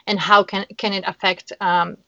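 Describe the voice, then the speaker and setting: A woman's voice: mid-range voice, little pitch movement, normal speed, creaky, bright, forceful tone, dry recording, dull audio. A woman guest in a casual interview, talking earnestly and emotionally, often restarting her sentences. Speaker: guest, founder of a kindness platform.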